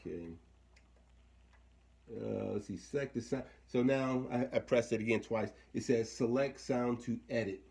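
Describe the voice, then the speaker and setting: A man's voice: mid-range voice, moderate pace, gravelly, mellow. A man talking casually through a hands-on equipment demo, thinking aloud and trailing off mid-sentence. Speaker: equipment demonstrator.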